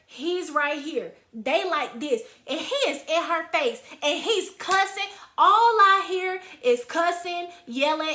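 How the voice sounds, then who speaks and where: A young woman vlogger telling an animated, heated story. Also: high-pitched. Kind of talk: storytime vlog. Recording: roomy echo.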